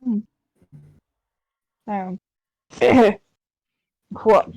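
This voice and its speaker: A woman's voice: medium pitch, steady tone, drawn-out words, gravelly, dark tone, dry recording, low-quality recording. A woman co-hosting a game stream, chatting loosely, swearing and laughing easily. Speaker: stream co-host. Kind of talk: casual chat while voicing a game.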